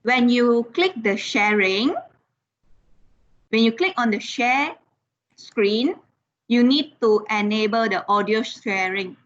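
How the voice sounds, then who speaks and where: Slow woman on a dull call. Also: fairly high pitch, expressive, a little hiss or hum. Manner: helpful, explaining step by step. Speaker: participant. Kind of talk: online class help.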